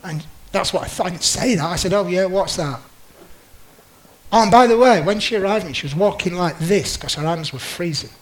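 A man's voice: high voice, brisk, hardly any pauses, rough recording. A man telling a personal story in a talk, chatty and self-mocking, acting out what others said. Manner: chatty, self-mocking, acts out quoted lines. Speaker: speaker giving a talk with slides.

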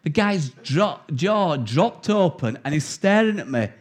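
A man's voice: fairly high pitch, measured pace. A man with an English accent preaching a sermon, telling stories with laughter and reading scripture earnestly. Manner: anecdotal storytelling, animated and laughing.

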